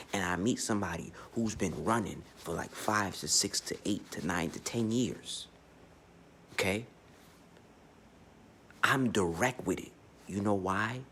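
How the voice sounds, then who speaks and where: A man's voice: sits low, fairly bright tone, a little hiss or hum. A man giving a blunt, profane, unscripted astrology monologue, speaking emphatically and often restarting his sentences. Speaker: astrology vlogger.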